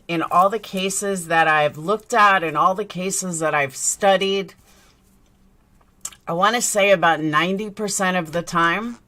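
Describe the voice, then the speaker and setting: A woman's voice: fairly low pitch, a bit bright. A woman commentating on a video, speaking emphatically and repeating phrases for stress. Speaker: YouTube commentator. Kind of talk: commentary on a case.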